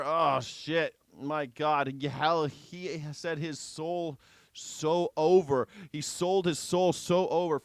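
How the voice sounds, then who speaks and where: A man's voice: on the high side, steady tone, a little slow, no room sound. A man hosting a live news reaction show, sarcastic, jokey and profane in casual commentary.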